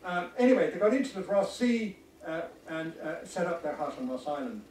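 A man giving a history lecture with slides, halting often with ums and restarts. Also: a little high, big pitch swings, a little mellow, slight background noise. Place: lecture room. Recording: echoey room, voice from far off.

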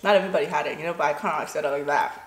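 A woman's voice: low voice, racing. A Korean-born woman in her forties, a native Korean speaker, chatting casually and telling a story with lots of "you know" and "like". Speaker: vlogger. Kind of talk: casual storytelling during a mukbang. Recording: roomy room with faint background noise.

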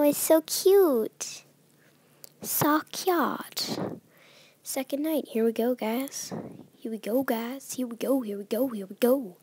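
A young woman plays a horror game and talks through it, her voice high and breathy. She talks slowly and nervously, often sinking into a whisper. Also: mellow, no room sound. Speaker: let's play gamer.

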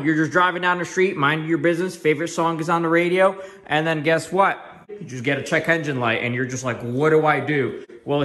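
A man's voice: mid-range voice, fairly bright tone. A man hosting a casual car tutorial vlog, chatty and sarcastic, with lots of ums. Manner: sarcastic, joking; chatty with many fillers. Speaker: car channel host.

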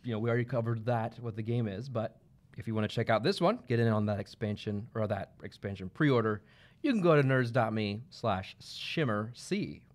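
A man's voice: lowish voice, fairly quick. A man co-hosting a game store livestream in casual chat, laid-back and joking, with plenty of fillers.

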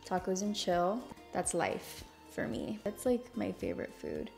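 A woman's voice: mid-range voice, wildly swooping pitch, a little slow, vocal fry, a little mellow, faint music behind. An enthusiastic young woman with no accent, chatting casually as she demonstrates a makeup look to her viewers. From Hispanic background, speaks without Spanish accent. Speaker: beauty YouTuber. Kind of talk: makeup tutorial talk.

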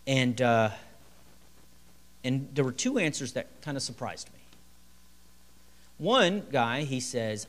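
A man's voice: mid-range voice, slow, long pauses. A middle-aged male pastor preaching a midweek sermon in a church, telling stories with acted-out quotes and chuckles. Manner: lively, storytelling delivery with chuckles and acted quotes. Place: church sanctuary.

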